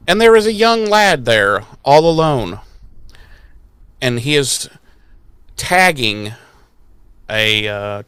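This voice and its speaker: A podcast co-host recaps an episode in casual chat, animated and jokey, swearing freely and putting on silly voices. His mid-range voice is clear and resonant, and the recording is dry.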